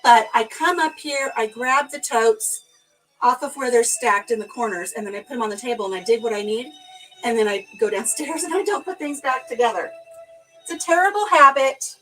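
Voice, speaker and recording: A woman's voice: fairly high pitch, normal speed, pushed and bright, soft background music, poor audio. A woman vlogger chatting casually to her live viewers while she tidies a craft room. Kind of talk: casual live-stream chat.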